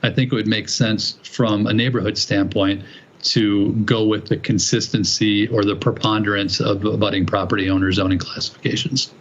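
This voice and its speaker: A man presenting to a city plan commission, explaining things in a measured, methodical way with occasional restarts. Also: lowish voice, little pitch movement. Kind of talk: explanatory presentation at a public meeting. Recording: muffled, lo-fi meeting recording.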